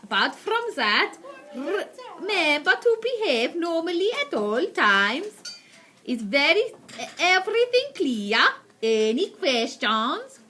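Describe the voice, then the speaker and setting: A woman voicing a cruel, imperious female witch leader who shouts her commands. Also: high-pitched, big pitch swings, takes it slowly, slight background noise, voice pushed up, heavily acted. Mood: commanding.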